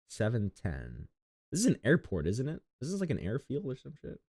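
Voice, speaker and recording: A man's voice: huge pitch swings, normal speed, darkish tone, no room sound, studio quality. A young man from Long Island chatting casually and crudely on a game stream, rambling through jokes and tangents. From Long Island, New York. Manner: rambling, crude, jokey, with sudden high outbursts.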